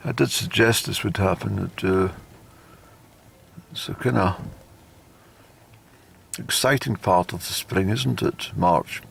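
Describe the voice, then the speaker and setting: Gravelly man chatting wryly. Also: deep voice, slow, long pauses, slight background noise. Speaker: vlogger. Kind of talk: rambling casual monologue. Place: outdoors in a car park.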